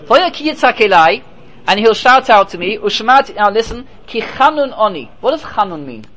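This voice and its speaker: A man's voice: high-pitched, big pitch swings, moderate pace, bright, forceful tone, poor audio. A man teaching a Torah class as a rabbi, speaking emphatically, asking and answering his own rhetorical questions, and dropping in Hebrew and Yiddish terms.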